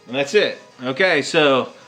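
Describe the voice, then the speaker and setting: Man, game master, tabletop wargame, counts dice aloud, excitable, roomy echo. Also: mid-range voice, unhurried. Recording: echoey room with music behind.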